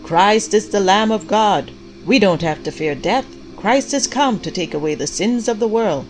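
A woman voicing a fervent male preacher who shouts his sermon, read in an audiobook. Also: mid-range voice, lively intonation, normal speed, faint music behind, pitched above the performer's own voice, lightly acted, rough recording. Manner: hollering, fervent.

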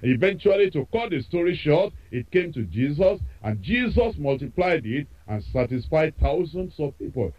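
Male radio preacher, emphatic and repetitive, animated pitch, lo-fi broadcast sound. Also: normal speed, few pauses, a little hiss or hum. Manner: emphatic, repeats phrases for effect. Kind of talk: sermon.

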